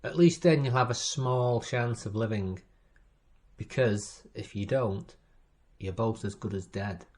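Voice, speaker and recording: A man's voice: fairly low pitch, unhurried, a little mellow, close to an everyday voice. A man reading a story aloud, voicing a shopkeeper woman who coldly warns robbers off. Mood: menacing. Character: steely woman shopkeeper turned threatening.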